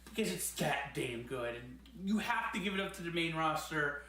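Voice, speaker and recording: A man's voice: a little high, expressive, normal speed, sharp tone. A man giving a casual, enthusiastic spoken review as a host, rambling at times and laughing often. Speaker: wrestling show reviewer. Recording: very echoey room.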